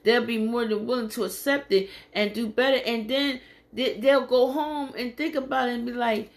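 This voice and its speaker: A woman's voice: fairly high pitch, fairly even intonation, normal speed. A woman delivering a casual, folksy sermon. She reads scripture aloud and talks plainly to her listeners in an encouraging, preachy way. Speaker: podcast preacher. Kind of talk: informal sermon.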